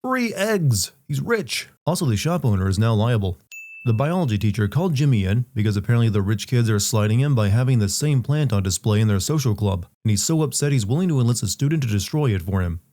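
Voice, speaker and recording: A man's voice: fairly low pitch, expressive, quick pace, mellow. A man reading sarcastic, mocking scripted commentary on a video game. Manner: snarky, mocking.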